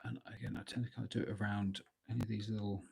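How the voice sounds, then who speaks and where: A man giving relaxed, rambling commentary while painting miniatures live, thinking aloud with lots of fillers. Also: lowish voice, fast, creaky, breathy edge. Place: at a hobby desk at home.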